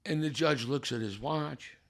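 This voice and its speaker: A man's voice: a little high, measured pace, creaky, a bit bright. A man telling a personal story with drama, building suspense and acting out the people in it. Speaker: guest telling his testimony.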